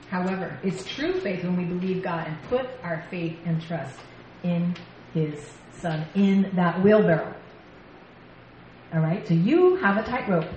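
Animated woman preaching in an echoey hall. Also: fairly low pitch, highs cut off. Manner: lively storyteller, laughs often. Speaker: women's ministry speaker. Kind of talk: sermon-style faith talk. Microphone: stage mic. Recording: echoey hall, faint background noise.

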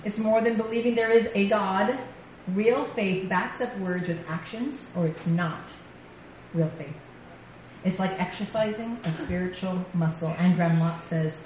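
A woman speaker giving a lively faith talk to a women's gathering from a stage mic, telling stories and laughing often. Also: fairly low pitch, measured pace. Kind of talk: sermon-style faith talk. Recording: echoey hall, faint background noise.

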